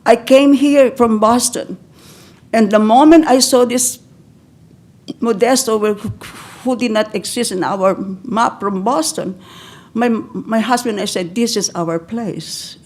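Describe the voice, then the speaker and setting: Near tears, an older Filipina pleads before a county board, stopping mid-phrase and starting over again and again. She speaks on the high side with a darkish tone.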